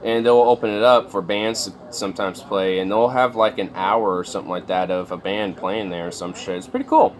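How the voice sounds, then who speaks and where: A man's voice: on the low side, steady tone, brisk, few pauses. A man chatting casually on a livestream, rambling and swearing, with lots of fillers. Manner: rambling, profane, many fillers.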